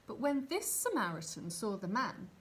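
A woman voicing Jesus as a calm, kindly male teacher in a read-aloud Bible storybook. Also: medium pitch, moderate pace. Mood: gentle.

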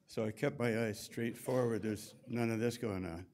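A Canadian man in his seventies giving a memorial talk, telling wry, unhurried anecdotes. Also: medium pitch, a little mellow, slight background noise. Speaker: memorial speaker.

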